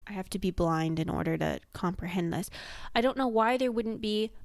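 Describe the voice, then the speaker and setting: A woman's voice: mid-range voice, normal speed, vocal fry, no room sound. A woman vlogger summarizing a book in a casual, sarcastic way, swearing freely. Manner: sarcastic, profane.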